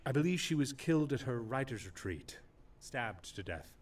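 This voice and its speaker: An actor playing a polite, formal archive clerk in a mystery game, speaking in a measured, courteous way. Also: male voice, medium pitch, big pitch swings. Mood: calm, formal. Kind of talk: game voice acting. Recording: game audio from a distance with music.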